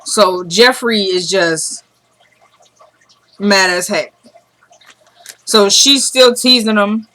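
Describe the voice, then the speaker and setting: A woman vlogger in a casual, animated recap of a TV drama, talking straight to her viewers and laughing often. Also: medium pitch, drawn-out words, pauses often, poor audio.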